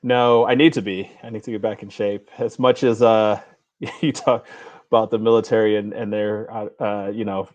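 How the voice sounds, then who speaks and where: A man in his forties, a Navy veteran and father, talking as a podcast guest in an easygoing, halting way with frequent chuckles and fillers. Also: on the low side, little pitch movement, a little mellow, no echo, highs cut off. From United States. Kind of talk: casual podcast interview.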